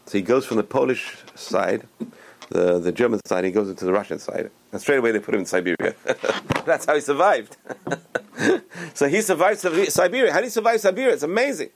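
A man's voice: medium pitch, lively intonation, fairly quick. A man giving a motivational religious talk, speaking emphatically, repeating phrases and restarting his sentences.

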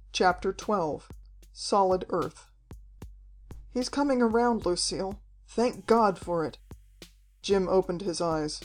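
A woman reading an adventure novel aloud in steady, scripted narration. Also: on the low side. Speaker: audiobook reader.

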